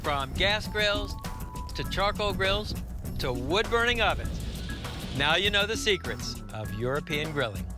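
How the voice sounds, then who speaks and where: A middle-aged man hosts a grilling show in a bright, fairly high voice that swings widely in pitch. He reads punchy scripted lines and slows down to give step-by-step instructions. Clear music plays beneath the broadcast audio. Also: animated. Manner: enthusiastic, punchy, measured instructions. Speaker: TV cooking show host. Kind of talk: scripted cooking show presenting.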